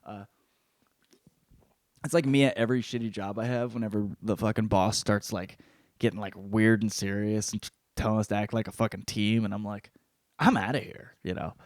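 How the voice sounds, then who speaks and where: A man hosting a podcast, rambling through a casual book review with constant swearing and animated storytelling. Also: lowish voice, brisk, dry recording, clean studio sound. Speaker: podcast host.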